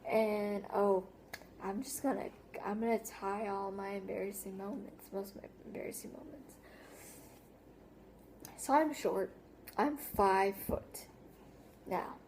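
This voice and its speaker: A woman's voice: medium pitch, steady tone, slow, pauses often, darkish tone, a little hiss or hum. A teenage girl chatting through a casual storytime vlog, rambling with lots of "like" and restarts. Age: teens. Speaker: vlogger.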